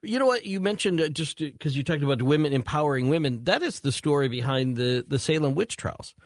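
A man hosting a late-night call-in radio talk show, chatty and quick to jump in. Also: on the high side, dry recording. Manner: relaxed, chatty, quick to interject. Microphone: studio microphone.

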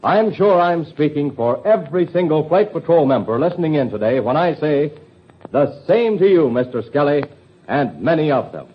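A man's voice: on the high side, expressive, moderate pace, husky. A male radio announcer addressing young listeners in a chummy, upbeat 1940s style. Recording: lo-fi old radio recording.

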